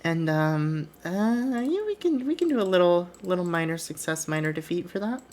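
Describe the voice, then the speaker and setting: A woman streamer chats casually as she plays a wrestling booking game. Her voice sits low, and she swears offhandedly. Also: lively intonation, moderate pace, a little mellow.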